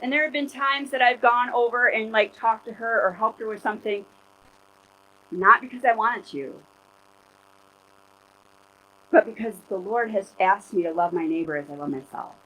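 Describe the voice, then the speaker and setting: A woman's voice: on the high side, normal speed, pushed and bright, poor audio. A woman pastor in her forties giving a candid, conversational sermon, full of "like" and "you know". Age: 40s.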